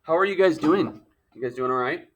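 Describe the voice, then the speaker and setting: A man's voice: a little high, brisk, a bit bright. A male teacher giving a playful lecture with frequent joking asides. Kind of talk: jokey classroom lecture.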